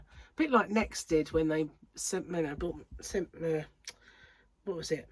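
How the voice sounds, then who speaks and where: A woman's voice: low-pitched, normal speed, a little mellow, breathy edge. A woman hosting a crochet channel, chatting casually to camera at home with rambling, giggly anecdotes, sounding a little congested and out of breath. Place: home room under lights.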